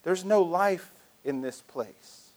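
A man's voice: high-pitched, lively intonation, takes it slowly, darkish tone. A man voicing a desperate, starving widowed mother who pleads in a hopeless, exasperated way. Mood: despairing.

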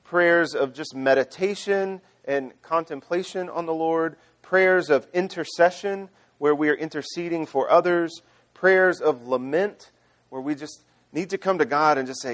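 Pastor guy preaching, chatty and loose, you-know's everywhere, voice a bit high for a man. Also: unhurried, a bit bright. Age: adult father. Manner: chatty, conversational with fillers and restarts. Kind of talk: sermon with storytelling.

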